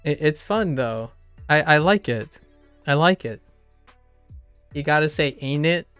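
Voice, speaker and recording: A man's voice: a little high, expressive, unhurried, a bit bright, smooth, no room sound, soft background music. Playful man with a slight Southern accent. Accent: slight Southern American. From Southern United States. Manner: playful, laughs often, rambling and musing. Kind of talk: casual chat.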